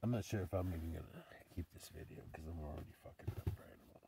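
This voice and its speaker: A man's voice: low voice, fast, creaky, noisy background. A man venting in a rambling casual vlog about his car insurance, swearing and laughing at himself, recorded in his car a little away from the mic. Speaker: vlogger.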